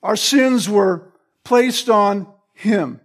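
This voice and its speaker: High-voiced, slow preaching man. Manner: emphatic, repeats key phrases for stress; quotes scripture with chapter and verse. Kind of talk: sermon.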